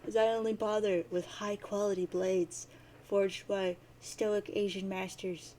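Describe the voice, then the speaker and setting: A woman plays a cocky, sarcastic teenage boy from a webcomic reading, rambling through crude, deadpan rants. The voice sits in a middle register with a faint hiss of noise behind it. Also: mid-range voice, measured pace, natural voice.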